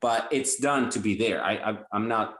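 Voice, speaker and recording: A man's voice: lowish voice, moderate pace, a bit bright, reverberant, rough recording. A male guitarist guest chatting casually and enthusiastically in an interview, rambling with lots of fillers.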